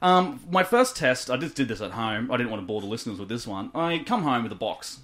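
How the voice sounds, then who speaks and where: A man's voice: medium pitch, expressive, brisk, fairly bright tone. A man with an Australian accent hosting a radio show, playful and hammy, laughing often. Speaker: radio host. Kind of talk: comedic radio banter.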